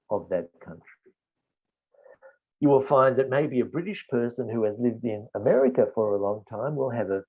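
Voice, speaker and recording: A middle-aged man with an Australian accent, answering test questions in a teaching webinar and explaining slowly with strong emphasis. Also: medium pitch, breathy edge. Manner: slow, deliberate explanation with emphatic stresses. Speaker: IELTS expert answering questions. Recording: dull lo-fi webinar audio.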